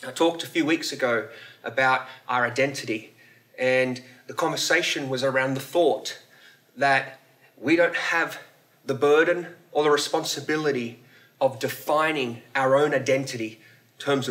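Bright-voiced pastor preaching casually. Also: male voice, medium pitch. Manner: casual, conversational preaching with fillers. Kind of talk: sermon. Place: church service.

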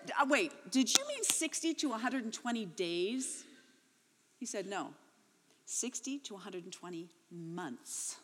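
Woman in her fifties telling her story to a church, bright clear voice, big hall echo. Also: medium pitch, big pitch swings, measured pace. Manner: reads her daughter's account, then tells her own, voice rising and breaking with emotion. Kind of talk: emotional spoken testimony.

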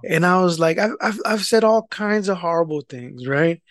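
High-voiced, profane, animated man ranting. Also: moderate pace. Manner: animated, profane, rant-like, acts out quoted people loudly. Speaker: podcast co-host telling a story. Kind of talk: casual profane storytelling chat.

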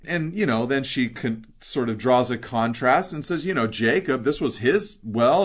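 A man's voice: mid-range voice, lively intonation. A man preaching an expository sermon, reading scripture aloud and then retelling it in everyday words with earnest emphasis. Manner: swells louder and slows on key phrases. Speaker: pastor.

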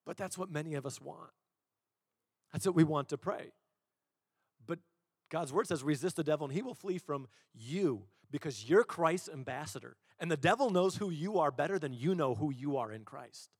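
A man preaching a sermon as a pastor, telling stories in an animated way and acting out the quotes. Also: a little high, normal speed, husky, no room sound, clean studio sound, long reverb tail. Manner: animated storytelling, acts out quotes.

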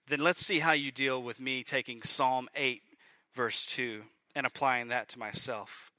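Emphatic preacher with a sharp, forceful voice. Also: male voice, mid-range voice, unhurried, dry recording. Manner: emphatic, builds to loud peaks and drops to quiet. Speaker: pastor. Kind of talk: sermon.

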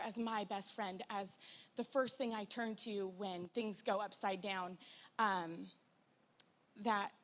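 A woman in her thirties sharing a personal Mother's Day talk at a church event, chatty and animated with lots of fillers. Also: mid-range voice. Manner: chatty, frequent fillers, animated retelling with playful impressions.

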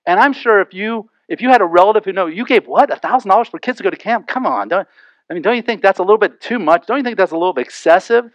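A middle-aged male pastor preaching a sermon in a church, animated, asking rhetorical questions and acting out quoted voices. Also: high voice, fast talker, no echo, rough recording.

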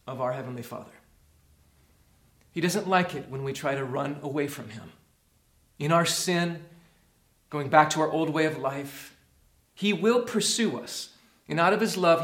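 Earnest pastor guy preaching, bit high voice, goes quiet then punchy, echoey church. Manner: earnest, swings from hushed to emphatic. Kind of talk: sermon.

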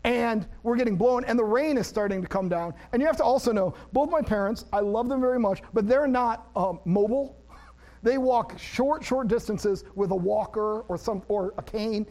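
High-voiced pastor telling a story. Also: male voice, moderate pace. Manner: animated, self-deprecating storyteller who laughs at himself; shifts to plain teaching about scripture. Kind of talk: sermon with personal storytelling.

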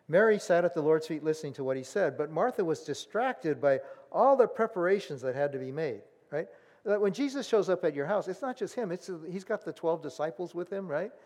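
Male pastor, chatty sermon, slightly high voice, long church reverb. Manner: conversational, animated, acts out voices.

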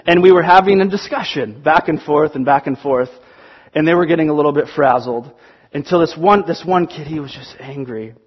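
A man preaching a sermon, telling stories in an animated way and acting out the quotes. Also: on the high side, slightly rough, highs cut off. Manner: animated storytelling, acts out quotes. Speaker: pastor.

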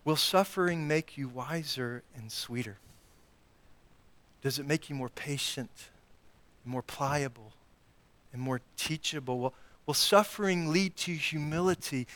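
A man with a fairly high voice preaches a sermon from the pulpit. He slips into the voices of Jesus and Peter with real animation, then turns to his congregation with one rhetorical question after another. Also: unhurried, long pauses, a bit bright. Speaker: pastor.

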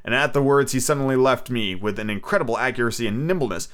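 A man's voice: medium pitch, quick pace, fairly bright tone. A man casually reading a classic adventure story aloud as host, with irreverent asides and frequent stumbles and rereads. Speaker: audiobook narrator and podcast host.

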